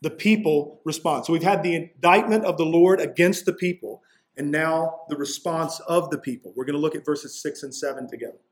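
Male pastor, expository sermon, slightly higher voice, emphatic on key lines. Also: a little fast. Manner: expository preaching, rising intensity on key points.

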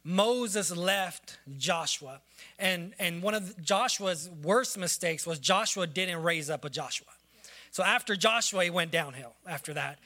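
A man's voice: sits high, unhurried, bright, forceful tone. A man giving an emotional farewell tribute in church, declaring blessings and holding back tears. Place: church sanctuary.

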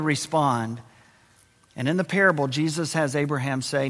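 A man preaching a sermon, lively and expressive, dropping to a low, quiet voice to stress key points. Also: normal speed, in a large hall. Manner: expressive preaching, drops to a low hush for emphasis. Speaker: pastor.

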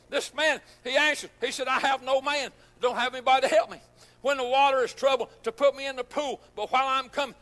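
A pastor with a very high-pitched voice delivers a sermon, drifting between quiet, filler-laden asides and fervent shouted bursts. His words trail off in a long hall reverb.

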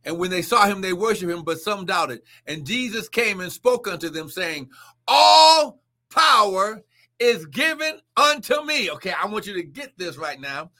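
A man preaching a live-streamed sermon and healing prayer, fervent, with shouted exclamations and bursts of speaking in tongues. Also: high-pitched, animated, moderate pace, few pauses.

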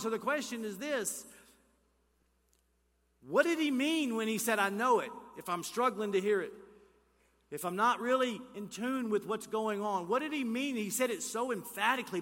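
A male pastor preaching a sermon, rising to emphatic calls, dropping to hushed near-whispers, and asking the congregation questions. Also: sits high, moderate pace. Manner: asks the congregation questions and leads call-and-response. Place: church sanctuary. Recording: church hall reverb.

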